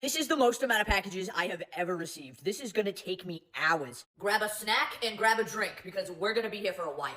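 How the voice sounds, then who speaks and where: Woman influencer, bright tone, chatty and thrilled through an unboxing. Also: mid-range voice, quick pace, hardly any pauses, recorded from a distance. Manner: excited, chatty. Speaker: beauty influencer. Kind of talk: PR unboxing vlog.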